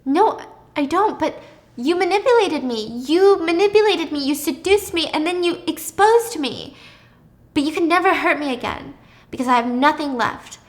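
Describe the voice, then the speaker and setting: Girl putting on a creepy young stalker lady, breathy begging voice, high. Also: expressive, moderate pace. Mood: accusing. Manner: breathless pleading, turning icy. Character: obsessive young woman stalker, pleading then cold.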